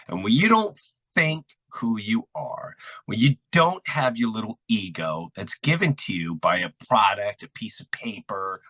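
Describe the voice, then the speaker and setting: A man who is a podcast guest, telling animated, emphatic stories and acting out what people said. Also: on the low side, dry recording, rough recording. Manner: animated, acts out quotes, emphatic. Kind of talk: conversational storytelling.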